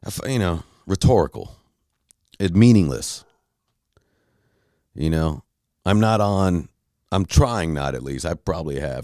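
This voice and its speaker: Male podcast host, deep-voiced, blunt and profane monologue, dry close recording. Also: animated, moderate pace, pauses often, darkish tone, dry recording. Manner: profane, blunt, heated storytelling. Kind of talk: casual monologue rant.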